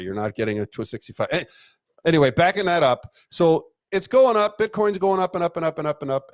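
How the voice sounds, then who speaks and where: A middle-aged man, a retired police detective and interview guest, telling a story in a casual, animated way, laughing often and swearing freely. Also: fairly high pitch, dry recording, clean studio sound.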